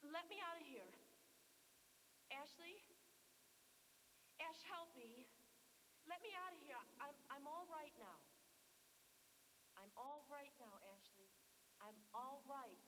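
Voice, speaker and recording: A man's voice: slow, long pauses, pushed and bright, long reverb tail, far from the mic, slight background noise, full character voice, poor audio. A man voicing a possessed young woman who pleads faintly and eerily from a cellar. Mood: eerie pleading. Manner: faint, high, pleading whisper.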